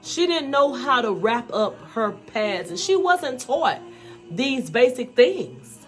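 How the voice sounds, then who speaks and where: With soft music playing behind her, this mother of school-age children speaks slowly in a slightly high, sing-song voice. She's an adult vlogger sharing her life story on camera in a frank, emphatic way, peppered with "you know" and "y'all."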